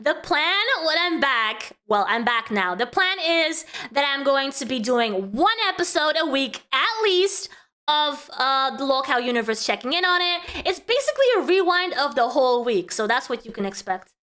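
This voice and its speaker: Chatty girl streamer, high and bright, laughs a lot talking to chat. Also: very animated, normal speed. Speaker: vtuber host. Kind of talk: casual drama commentary stream.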